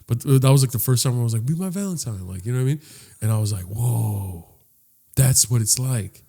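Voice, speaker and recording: A man's voice: medium pitch, very fast. Young man, podcast co-host, casual comedic storytelling, acts out the voices, swearing freely. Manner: animated, acts out voices in his stories.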